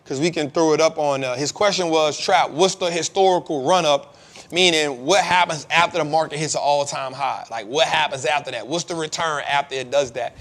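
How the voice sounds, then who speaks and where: Male host, slightly high voice, loose slangy live-stream Q&A delivery, lots of ums. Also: brisk, a bit bright. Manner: laid-back slangy talk, many fillers. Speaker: host of a live investing show.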